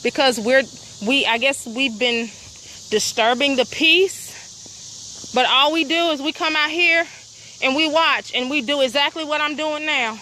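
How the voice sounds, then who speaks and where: A woman's voice: high voice, pushed and bright, slight background noise. A woman, out of breath, walking a rural trail and vlogging into a phone, upset and indignant, asking her viewers pointed questions. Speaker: property owner filming a vlog. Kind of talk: walking vlog, talking to viewers. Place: outdoors on rural land, crickets.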